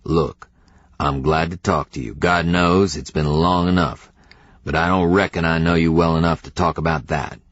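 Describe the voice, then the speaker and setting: A man's voice: low voice, steady tone, moderate pace, no echo, natural voice. A man voicing a terse, distrustful older drifter with a smoker's voice. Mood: guarded. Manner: blunt, terse, wry. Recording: slightly dull audiobook recording.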